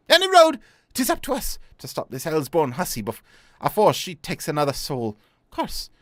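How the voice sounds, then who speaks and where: A man voicing a superstitious old male sailor in a put-on, half-Cockney, half-Scottish accent, talking in rough, folksy dialect. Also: on the high side, a bit bright, no echo, studio quality. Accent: mock Cockney-Scottish put-on. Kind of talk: reading game dialogue aloud. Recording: faint game music behind.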